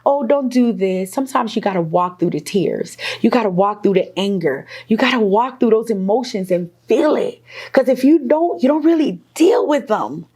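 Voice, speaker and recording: Middle-aged woman spilling her story on a talk show, lively ups and downs, laughs a lot. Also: medium pitch, normal speed, breathy edge. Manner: animated, laughs often, acts out quoted voices. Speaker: interview guest. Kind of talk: candid personal storytelling.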